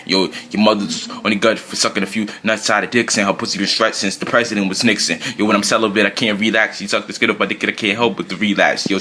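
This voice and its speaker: A man rapping aggressive verses in a rapid-fire delivery. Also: fairly low pitch, bright, forceful tone. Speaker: rapper. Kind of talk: freestyle rap verses.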